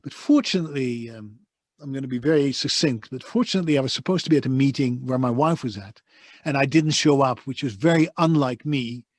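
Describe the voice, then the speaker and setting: This voice-over artist from the Netherlands speaks in a mid-range voice with a Dutch accent, fairly quickly, and the recording is dry. Working from a soundproof home studio, he recounts his story passionately and emphatically in a conversational interview.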